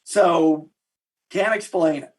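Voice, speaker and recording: A man being interviewed as a historian, telling lively anecdotes with frequent restarts. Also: a little high, slow. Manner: animated anecdotal storytelling with repeated restarts. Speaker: guest historian. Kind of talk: storytelling interview answers.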